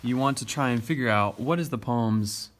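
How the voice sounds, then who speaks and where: A man's voice: mid-range voice, normal speed, a little hiss or hum. A male teacher explaining poetry step by step in a recorded lesson, tapping out the stressed beats as he reads.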